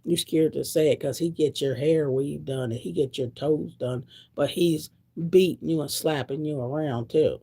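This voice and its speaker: Blunt, gravelly woman in her sixties. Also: sits low, moderate pace, few pauses, mellow. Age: 60s. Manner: blunt, repetitive, preaching. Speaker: vlogger. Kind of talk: preachy monologue to camera.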